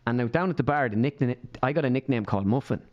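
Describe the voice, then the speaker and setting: A man's voice: mid-range voice, racing, dull audio, slight background noise. An Irish man, a podcast guest, tells rambling anecdotes full of fillers and acts out the voices of the people in them. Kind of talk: storytelling in a podcast interview.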